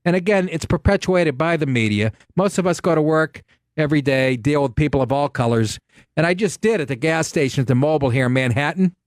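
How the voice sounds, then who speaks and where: A man hosting a talk radio show, ranting and telling stories in a profane, animated way from a studio. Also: a little high, brisk, dry recording. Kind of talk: casual talk radio monologue.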